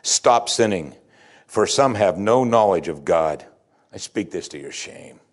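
A man preaching a sermon in a plain-spoken, folksy way, full of rhetorical questions, swinging from loud emphatic bursts to low quiet asides. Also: lively intonation, measured pace.

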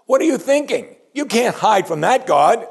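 Incredulous shouting sailors voiced by a man, shrill and husky. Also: very animated, moderate pace, heavily acted. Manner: shrill, disbelieving exclaiming. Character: panicked pagan sailors, incredulous men.

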